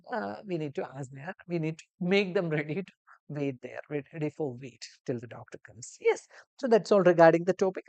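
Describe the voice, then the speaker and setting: Low-voiced woman teaching an exam lesson. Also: dark tone, no room sound. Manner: explanatory, with many fillers and restarts. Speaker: language teacher. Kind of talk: live online exam-prep lesson.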